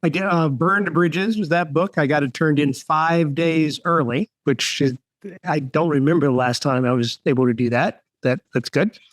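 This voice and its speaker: A man's voice: fairly high pitch, moderate pace, no room sound. A man guesting on a casual podcast, complaining in a dry, wry tone. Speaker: guest author. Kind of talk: casual chat.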